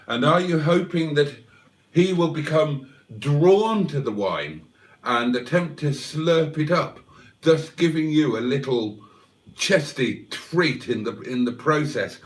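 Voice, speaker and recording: A man's voice: a little high, animated, slow pace, recorded from a distance. A man hosting a livestream and reading out chat in a playful, wry, mock-theatrical way. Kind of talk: casual chat.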